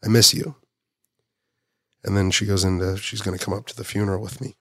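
A man speaking earnestly and with emotion as a guest on a podcast, soft-spoken on serious matters. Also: deep voice, level tone, racing, slightly rough, dry recording, studio quality. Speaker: guest, nonprofit founder. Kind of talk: heartfelt podcast conversation.

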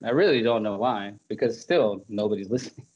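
A man's voice: lowish voice, brisk, darkish tone, breathy edge. Guy hosting a podcast, rambly and laughy, lots of ums, kinda dull lo-fi audio. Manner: rambling, chatty, laughs often, many fillers and restarts. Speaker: podcast host. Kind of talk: casual chat.

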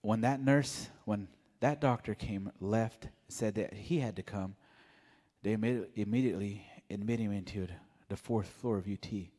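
A man giving a mellow, soft-spoken personal testimony at church. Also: lowish voice, a little slow, long reverb tail. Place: church sanctuary.

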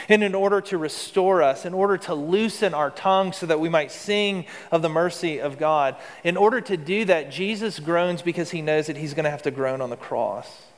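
A man preaching in an earnest, conversational way, asking his listeners questions as he goes. His voice sits a little high for a man. The long reverb of a hall trails behind him. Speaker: pastor. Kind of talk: sermon.

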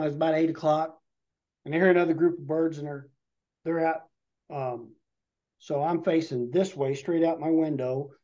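A man's voice: fairly high pitch, darkish tone. A man, a podcast guest, telling a rambling hunting story in vivid detail and a casual way. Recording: dull lo-fi podcast audio.

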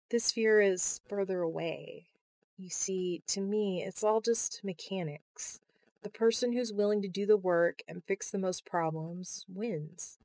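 A woman's voice: fairly low pitch, darkish tone, dry recording, studio quality. A woman reading the part of a shy, anxious young woman astronaut who speaks hesitantly, in an audiobook. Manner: hesitant, nervous.

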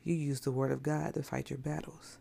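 A woman's voice: a bass voice, flat delivery, fairly quick, gravelly, mellow, breathy edge. A woman giving an informal sermon in a blunt, emphatic, conversational way with rhetorical questions. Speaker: preacher.

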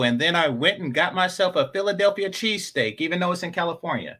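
Sarcastic high bright-voiced man commentator. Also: expressive, fast talker. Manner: sarcastic, talks back to clips. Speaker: commentary streamer. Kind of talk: casual reaction commentary.

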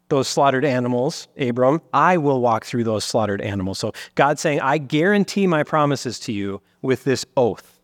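A man delivers a church sermon in an earnest teaching manner, sometimes speaking God's words in the first person. His voice sits at a middle pitch. The sound is dry and close, with little room echo. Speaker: pastor. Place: church sanctuary.

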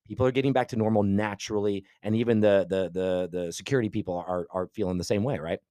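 A man co-hosting a podcast, telling an animated, rambling story in casual chat with lots of restarts. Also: fairly low pitch, fast talker, no room sound, clean studio sound. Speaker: podcast co-host.

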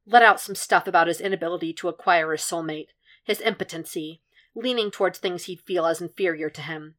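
A woman podfic reader voices a tired male profiler who stays calm and stubborn under pressure, talking low, flat and dry in her own lowish voice. He lays out his plans in level, unhurried sentences. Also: natural voice.

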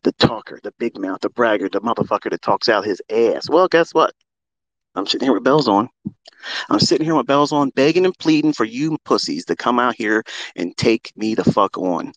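A man ranting brashly on a trading livestream, boastful and profane, jumping from loud outbursts down to low muttering. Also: expressive, moderate pace, dry recording.

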